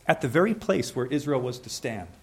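A young man preaching a sermon to a congregation. His voice sits at a middle pitch, and he talks conversationally, with asides. He breaks into small acted scenes with voices now and then. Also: lively intonation, fairly quick, husky.

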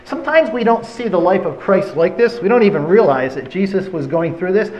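Male preacher, sermon, conversational storytelling, high voice, lively pitch. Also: fairly quick, highs cut off, slight background noise.

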